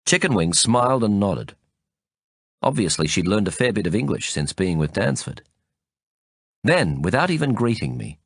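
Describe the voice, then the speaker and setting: Low-voiced man reading an audiobook. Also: very animated, normal speed, slightly rough, no room sound, clean studio sound. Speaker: audiobook reader. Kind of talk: first-person audiobook narration.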